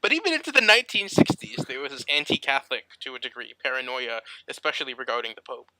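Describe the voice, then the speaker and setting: A man's voice: medium pitch, animated, quick pace, bright, forceful tone, no room sound, low-quality recording. A man co-hosting a podcast in casual chat, explaining things in an easygoing way. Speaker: podcast co-host.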